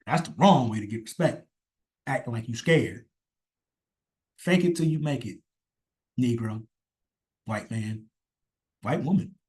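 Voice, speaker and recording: This man has a mid-range, slightly mellow voice with lively intonation, a measured pace, and frequent pauses. He's a commentator on a rambling, profane rant, hammering his opinions home with heavy emphasis.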